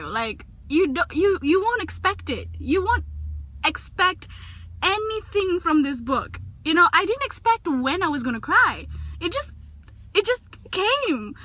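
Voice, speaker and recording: A young woman casually reviewing a book in a vlog, talking emotionally and gushing, recorded on a phone in a parked car. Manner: gushing and emotional, pitch jumping up when excited. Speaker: vlogger.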